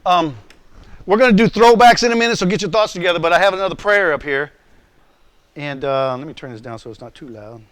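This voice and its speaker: A man in his role as pastor teaching a class, earnest and animated, often stammering and repeating words. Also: fairly high pitch, a little fast, no echo. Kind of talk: emotional teaching talk. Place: room with a class.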